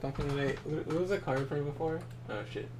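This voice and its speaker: A young man streaming a game, telling animated, profanity-laced stories in casual chat. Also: a little high, a little fast, noisy background. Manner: animated storytelling, swears often. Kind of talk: casual chat while gaming.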